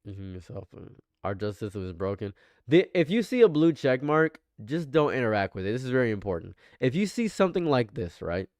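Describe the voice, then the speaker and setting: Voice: medium pitch, sing-song, fairly quick, a little mellow, dry recording. Streamer going off on a rant, repeats stuff, swoops up and down, dry room. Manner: ranting, emphatic, repeats phrases. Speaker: livestream commentator. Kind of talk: live reaction commentary.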